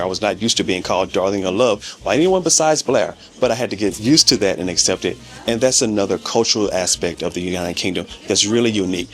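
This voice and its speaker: An American man giving earnest, emphatic advice in a vlog to camera, stretching out key words for emphasis. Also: fairly low pitch. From United States. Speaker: vlogger.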